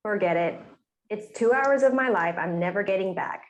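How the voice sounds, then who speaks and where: A woman's voice: medium pitch, moderate pace, reverberant, close to an everyday voice. A woman playing an easygoing speaker in a scripted textbook dialogue, with a plain, matter-of-fact delivery.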